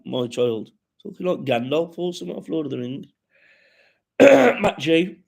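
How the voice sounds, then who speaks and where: A man's voice: on the high side, lively intonation, normal speed, gravelly, a little mellow. A man with a West Midlands accent hosting a live stream, reading out comments with sweary, jokey banter.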